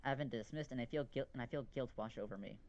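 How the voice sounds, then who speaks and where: A man's voice: mid-range voice, fast, darkish tone, dull audio. A man reading a visual novel aloud as narrator, wry and now and then stumbling over words. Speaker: let's play reader.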